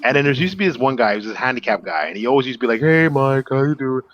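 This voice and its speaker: A man's voice: medium pitch, sing-song, fairly bright tone, lo-fi sound. A man telling a story in a casual chat, laughing often and acting out the people in it. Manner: rapid, laughing, acts out quoted people. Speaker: podcast co-host.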